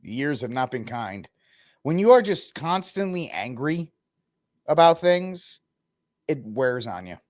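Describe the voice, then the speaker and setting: A man's voice: mid-range voice, big pitch swings, unhurried, long pauses. A man hosting a casual news commentary podcast, mocking and ranting in slangy talk and laughing often. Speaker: podcast host.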